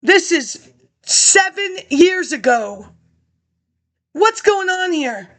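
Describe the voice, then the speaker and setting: A woman's voice: very high-pitched, big pitch swings, drawn-out words, a bit bright. A woman ranting about politics to an absent audience, confrontational and accusing, jumping from topic to topic.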